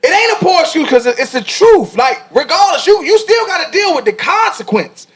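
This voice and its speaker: A man co-hosting a barbershop-style podcast, arguing loudly and emphatically, repeating his points for punch. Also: very high-pitched, sing-song, brisk. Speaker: podcast co-host. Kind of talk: heated barbershop debate. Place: cigar lounge.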